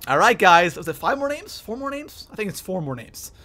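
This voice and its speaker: Male livestreamer, hyped commentary, bright and sharp-toned. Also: high voice, a little fast, a little hiss or hum. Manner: excitable, thanks viewers by name between frantic gameplay reactions. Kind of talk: live gameplay commentary.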